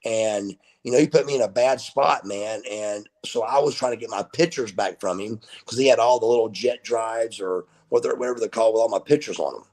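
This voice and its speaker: A man in his fifties, a guest on a video call, telling stories in a casual, animated way and swearing freely. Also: lowish voice, brisk, hardly any pauses. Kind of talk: casual storytelling interview.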